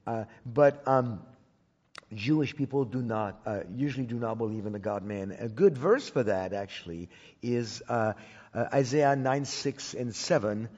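A man with an expressive, darkish, medium-pitched voice speaks a little slowly. As a Bible teacher before his congregation, he gives a sermon as a personal story, conversational in tone and marked by frequent restarts and repeated words, captured in a dull recording with long hall reverb.

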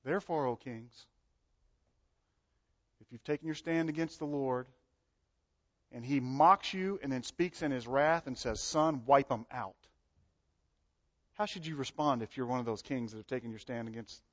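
A man preaching a sermon, animated, acting out the voices he quotes and swinging between loud and soft. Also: mid-range voice, moderate pace, pauses often. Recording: dull lo-fi sound.

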